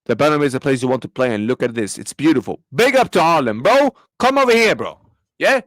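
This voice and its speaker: A young man, furious after a match and snapping back at his chat. His voice sits high and jumps all over the place as he rants. The sound is dry and close. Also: sing-song, quick pace, fairly bright tone, no room sound. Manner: angry, repetitive, swearing, talks back to chat. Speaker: football reaction streamer. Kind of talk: live match reaction rant.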